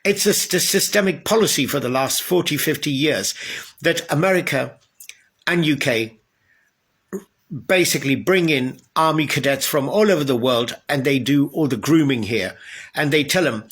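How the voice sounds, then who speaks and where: Heated, gravelly-voiced man ranting. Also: fairly high pitch, normal speed, fairly bright tone. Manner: heated, sarcastic, rhetorical questions. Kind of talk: angry political rant.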